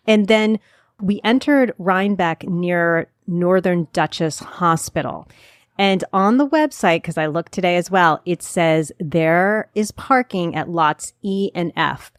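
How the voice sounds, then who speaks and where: A woman's voice: lowish voice, no room sound. Chatty New Jersey woman, dry close mic. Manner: chatty, self-deprecating, rambling asides. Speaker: podcast host. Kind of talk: chatty local podcast talk.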